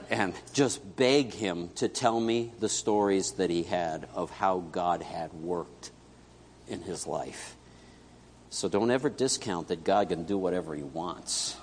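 A man preaching a sermon as pastor, telling a story and acting out its dialogue, swinging between loud and hushed. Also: deep voice. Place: church sanctuary. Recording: echoey church hall.

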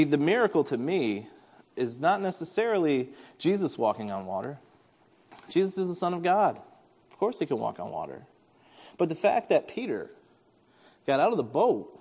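A man's voice: mid-range voice, darkish tone, long reverb tail. A man preaching a sermon as pastor, telling the story with animation and acting out the voices of the people in it.

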